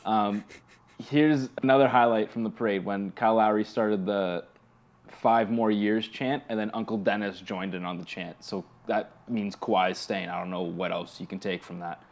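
Laid-back lower-voiced young guy. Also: fairly even intonation, normal speed. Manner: laid-back, agreeable, chiming in. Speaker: podcast co-host. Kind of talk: casual chat.

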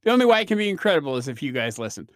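A man's voice: on the high side, very animated, very fast, dry recording, studio quality. A man hosting his own podcast, telling rambling, self-deprecating stories in a casual solo chat with lots of fillers. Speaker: podcast host.

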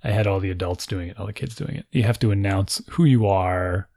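A man's voice: sits low, fairly quick, creaky, a little mellow, no room sound. A man in his forties casually telling a funny family story, acting out quotes and laughing often.

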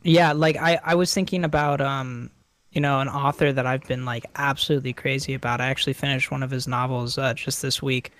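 A man's voice: medium pitch, steady tone, fairly quick, fairly bright tone, no room sound. A young American man co-hosting a podcast in casual, easygoing chat. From United States. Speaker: podcast co-host.

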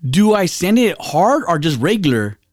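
A man's voice: high-pitched, sing-song, moderate pace, no echo, clean studio sound. A man hosting a podcast, rambling through a story in casual chat, stammering, repeating words and swearing freely. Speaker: podcast host.

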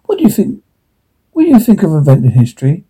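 A man reading the part of an elderly, eccentric time traveller who lectures in a fussy, condescending way, with a husky voice. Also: high voice, huge pitch swings, fast, mellow, voice pushed up, exaggerated voice, low-quality recording. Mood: lecturing.

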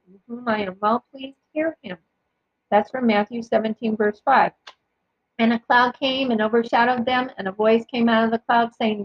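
A woman with a husky, slightly high voice reads scripture aloud for her podcast. She goes carefully and measuredly, adding brief remarks of her own between passages. The recording is dull and lo-fi, with a dry, close sound. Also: no room sound. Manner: careful, measured reading with occasional small slips. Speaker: podcast host sharing Bible readings. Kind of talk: reading scripture aloud with short personal commentary.

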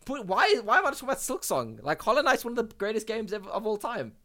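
A young man co-hosting a gaming podcast, chatting casually in an excitable, rambling way with lots of fillers and restarts. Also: high-pitched, fast. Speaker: podcast co-host. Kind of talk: casual chat.

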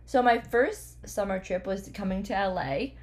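A woman from Canada hosting a podcast in casual chat, her voice hoarse as she loses it, talking in an upbeat, chatty way. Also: medium pitch, normal speed, darkish tone. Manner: chatty and upbeat, laughs easily. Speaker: podcast host.

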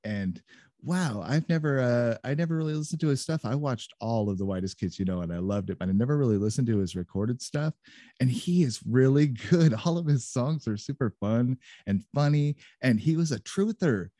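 A man's voice: medium pitch, animated, normal speed, mellow, no echo. Man, casual podcast chat, rambling, laughs a lot, dry close sound. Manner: rambling, laughs often, loose storytelling. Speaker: podcast co-host.

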